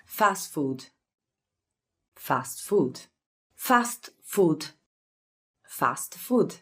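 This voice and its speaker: A young Italian woman with an Italian accent teaching vocabulary in a relaxed, chatty way, repeating each word slowly and using many fillers. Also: low-pitched, husky. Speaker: language teacher. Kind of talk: casual vocabulary lesson.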